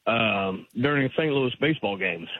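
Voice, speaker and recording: A man's voice: mid-range voice, animated, moderate pace, breathy edge, no room sound. A man calling into a radio show, pressing the host with argumentative points. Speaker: caller. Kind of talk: call-in radio conversation. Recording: phone-line caller audio.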